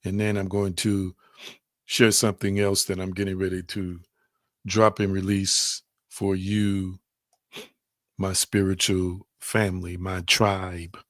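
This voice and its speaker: A man's voice: low voice, little pitch movement, slow pace, a bit bright, dry recording, studio quality. A man giving a live-streamed spiritual teaching, repeating his phrases, putting questions to viewers and reading their comments aloud.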